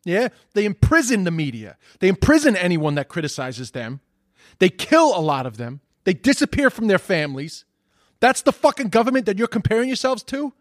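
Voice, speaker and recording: Heated, sweary man ranting, higher pitch. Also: sing-song, a little fast, no room sound, clean studio sound. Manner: indignant, sweary, repeats himself when heated. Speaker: commentator reacting to posts. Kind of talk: profane rant reacting to social media posts.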